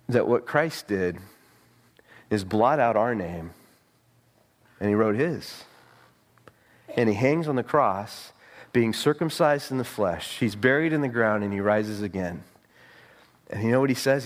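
A man preaching a sermon, swinging between high, ringing emphasis and hushed, low tones. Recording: long hall reverb.

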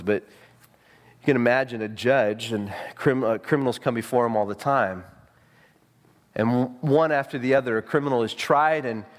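A man preaching a sermon, swinging between high, ringing emphasis and hushed, low tones. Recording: long hall reverb.

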